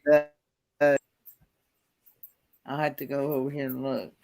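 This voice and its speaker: A man in a casual live-stream chat who talks haltingly, repeats words and restarts, and explains details earnestly. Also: mid-range voice, little pitch movement, gravelly, a little mellow.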